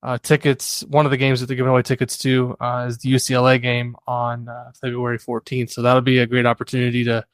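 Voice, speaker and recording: A man hosting a sports podcast, talking casually and often filling pauses with "uh". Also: mid-range voice, clean tone, no room sound. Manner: filler-heavy, conversational with frequent "uh". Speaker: podcast host.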